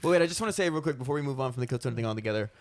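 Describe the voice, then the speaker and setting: A man's voice: medium pitch, expressive, racing. Laid-back joking man in his thirties. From United States. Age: 30s. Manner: loose, joking, swears freely. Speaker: podcast host. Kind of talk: casual podcast chat.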